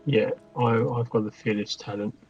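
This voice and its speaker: A man's voice: fairly low pitch, flat delivery, moderate pace, a little mellow, muffled recording, a little hiss or hum. A man playing a tabletop game, hesitant and thinking aloud about his rolls. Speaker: player. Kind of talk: casual game talk.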